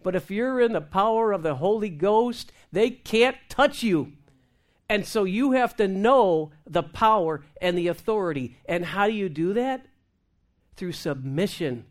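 A woman minister telling a lively testimony in conversation, acting out the voices of the people in her story and laughing as she goes. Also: medium pitch, measured pace. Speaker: Christian minister. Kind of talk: testimony talk show conversation.

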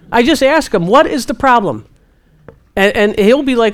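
A woman giving casual Christian teaching, answering a question and acting out her own prayers. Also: a little fast. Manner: animated, quotes God in hushed low voice.

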